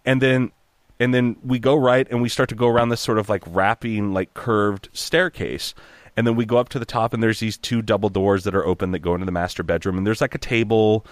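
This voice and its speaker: A man from Oregon, a voice actor, telling a story in an animated, profane way and slipping into character voices. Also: fairly low pitch, brisk, dry recording. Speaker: guest voice actor. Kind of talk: casual storytelling.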